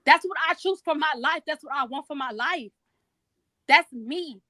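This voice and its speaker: A woman's voice: high-pitched, lively intonation, normal speed, sharp tone, dry recording. A woman co-hosting a podcast, speaking in an earnest, emphatic and heartfelt way in casual debate. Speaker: podcast co-host.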